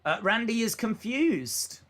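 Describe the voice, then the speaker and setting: Speaking slowly in a high, sing-song voice with a fairly bright tone, this young man calls wrestling moves on a watch-along livestream. His play-by-play is laid-back, he reads chat out loud, and "uh" comes up constantly.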